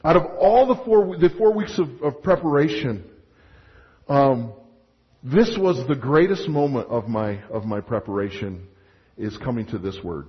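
A man's voice: mid-range voice, unhurried. Man preaching in an echoing church. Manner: animated preaching with dramatized asides and restarts. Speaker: pastor. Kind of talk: sermon. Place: church sanctuary. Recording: muffled sound with long hall reverb.

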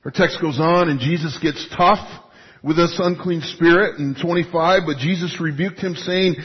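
High-pitched husky male preacher. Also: moderate pace. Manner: animated, emphatic, conversational with restarts. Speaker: pastor. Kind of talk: sermon. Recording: dull lo-fi recording.

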